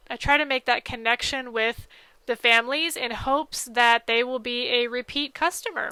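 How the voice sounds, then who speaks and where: Bright, high-voiced tired woman teacher. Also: smooth, no room sound. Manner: chatty and upbeat. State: tired, losing her voice. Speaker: online preschool teacher. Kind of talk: casual talk to camera.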